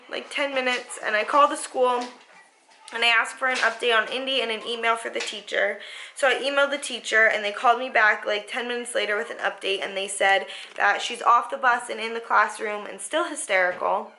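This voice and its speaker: A woman's voice: fairly high pitch, a little fast, pushed and bright, slight background noise, poor audio. A woman telling a family story in a casual vlog, rambling on with many fillers and acting out what everyone said. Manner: rambling retelling with many fillers and quoted dialogue. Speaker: mother vlogger.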